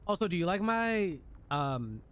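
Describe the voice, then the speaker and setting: Animated, joking male streamer. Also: sits high, a little slow, clean tone. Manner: animated, joking, talks to chat while playing. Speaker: game streamer. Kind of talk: casual live-stream chat.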